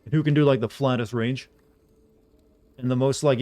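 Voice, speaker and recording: A man streaming a video game, chatting casually to his viewers in a flat, deadpan way. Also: medium pitch, moderate pace. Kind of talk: casual live-stream commentary.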